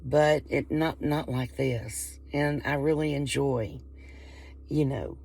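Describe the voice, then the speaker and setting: A woman's voice: a bass voice, takes it slowly, gravelly, darkish tone, breathy edge. A woman with a Southern Appalachian accent who chats casually to the camera, rambling and folksy and often breaking off her own sentences. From Appalachian coal country, US. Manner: rambling, folksy, interrupts herself. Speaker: vlogger.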